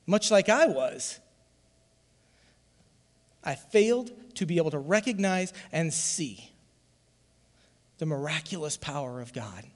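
A man preaching a sermon to his church as its pastor, fervent, often swelling into loud calls for the congregation to join in. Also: on the high side, animated, slow pace, pauses often, big-room sound.

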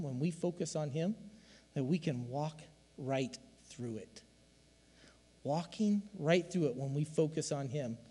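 Preaching man in a reverberant hall. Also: a little high. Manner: dynamic preaching, swings from loud emphasis to hushed asides. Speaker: pastor. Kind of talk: sermon.

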